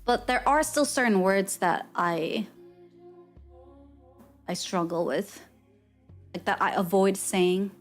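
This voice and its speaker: A woman's voice: medium pitch, slow, long pauses. A woman streamer chatting casually with her live chat, rambling and correcting herself as she goes. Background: faint music.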